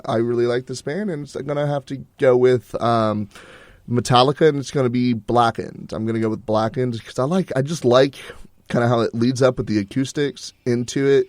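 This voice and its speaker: A man's voice: medium pitch, a little mellow, no room sound. A young man co-hosting a college radio show in a studio, chatting in an easygoing, rambling way and laughing often. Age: young adult. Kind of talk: casual chat. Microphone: studio mic.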